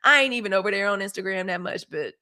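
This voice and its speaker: This live news host, a Mississippi woman in her fifties with a Southern accent, speaks quickly in a mid-range voice that is bright and forceful. She keeps the stream casual, chatting directly with viewers.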